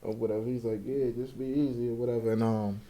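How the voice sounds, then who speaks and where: Telling his life story in a casual interview, a young guest swears freely, speaks in street slang, and animatedly voices the people he quotes. His pitch is medium and he's fast, with a little hiss or hum present.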